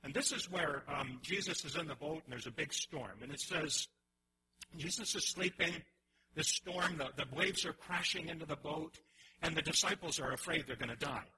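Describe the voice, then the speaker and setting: A man preaching a sermon in an animated way, often restarting his phrases and acting out the voices he quotes. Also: on the high side, moderate pace, slight background noise, poor audio. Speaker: pastor.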